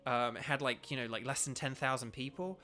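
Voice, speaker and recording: A young British man, a streamer and voice actor, chats casually while streaming a video game, rambling with lots of fillers. His medium-pitched voice is brisk, pushed and bright, with fairly even intonation.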